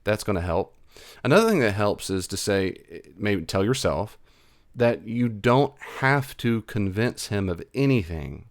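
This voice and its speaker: Replying to an email, a middle-aged Southern US man working as a Christian counselor offers relaxed, comforting guidance. He speaks in an animated, low-leaning voice at an unhurried pace, encouraging and conversational, repeating himself at times.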